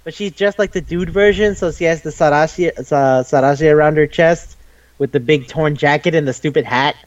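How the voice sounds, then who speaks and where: A man co-hosting an anime podcast in casual chat, retelling scenes in an excitable, profane way. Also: on the high side, fairly quick. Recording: dull lo-fi audio.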